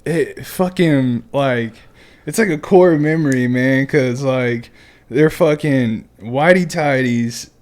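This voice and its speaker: A man's voice: mid-range voice, takes it slowly. A man in his middle register tells old service stories in loose, casual chat. He swears freely and breaks into laughter often, then drops to a near-whisper for asides. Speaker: podcast host and military veteran.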